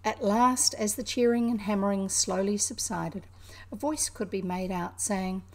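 A woman from New Zealand with a New Zealand accent, reading a classic children's novel aloud in an unhurried, expressive way. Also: medium pitch. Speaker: reader.

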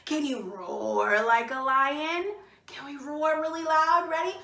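A woman's voice: high voice, slow pace, creaky, pushed and bright, echoey room. A woman hosting a bilingual children's storytime, cheerful and encouraging, who asks the children to repeat words after her while she sits indoors. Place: indoors, seated.

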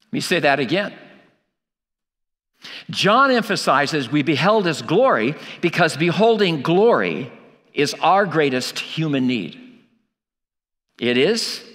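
Emphatic preacher in a reverberant hall. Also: male voice, fairly high pitch, big pitch swings, unhurried, a bit bright. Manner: emphatic, rhetorical questions, repeats key lines. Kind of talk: sermon. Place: church.

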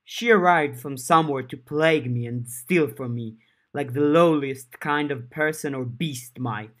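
A man voicing a proud fairy man of the summer court in a fan audiobook, speaking in a slow, grand, theatrical way. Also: mid-range voice, a bit bright, lightly acted. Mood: grandiose. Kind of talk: audiobook character voice.

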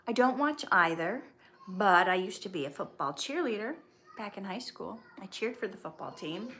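An actress hosting a casual live stream, reading viewer questions aloud and answering in a chatty, candid way. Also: female voice, medium pitch, expressive, moderate pace, fairly bright tone, slight background noise.

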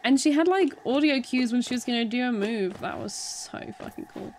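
A woman giving excited gameplay commentary, exclaiming and panicking as she plays. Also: fairly high pitch, fairly quick, background noise. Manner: exclaiming, panicky, laughing often. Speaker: let's play streamer. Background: game music.

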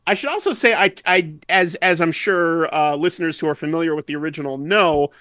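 Brief: male podcast guest, light high-ish voice, dry close sound, jokey and rambling. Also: sharp tone, no echo. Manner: chatty, joking, quick digressions. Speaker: guest musician. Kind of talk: casual podcast chat.

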